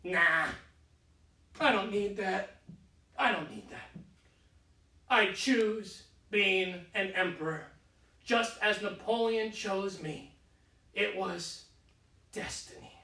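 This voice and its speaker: Whiny vain emperor in his 30s, high bright voice, echoey living room, mic far off. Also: slow pace, vocal fry, pauses often, full character voice. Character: vain, childish deposed emperor, young man, self-pitying. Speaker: solo stage performer. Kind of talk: solo theatre monologue.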